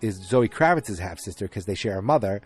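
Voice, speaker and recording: A man's voice: fairly low pitch, lively intonation, fairly quick, darkish tone, slightly rough, soft background music. A man hosting a podcast, casually recapping a film in a rambling way with lots of fillers and restarts. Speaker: podcast host.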